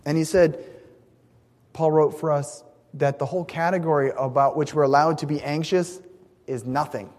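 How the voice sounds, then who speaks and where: In a sermon recorded with long hall reverb, a man preaches earnestly and emphatically, hitting key words and sometimes restarting a phrase. His pitch is a little high, his tone steady and darkish, and his speed normal.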